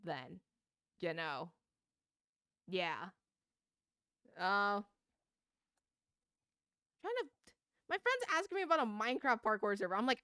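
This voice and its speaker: A young woman streaming a game, ranting casually with swearing and quick laughs while chatting to viewers. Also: medium pitch, big pitch swings, sharp tone, clear, resonant tone, no room sound, clean studio sound. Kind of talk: casual gaming stream chat.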